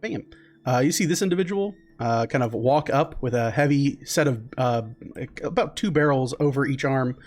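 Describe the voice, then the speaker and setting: A man narrating as game master in a tabletop game, with relaxed narration full of fillers. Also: medium pitch, moderate pace, soft background music.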